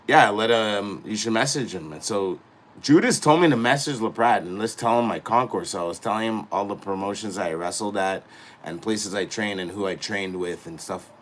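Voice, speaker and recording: Brash middle-aged male host with a bright, sharp tone; profane, animated rant that swings from low mutters to loud outbursts. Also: moderate pace. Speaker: podcast host, wrestler.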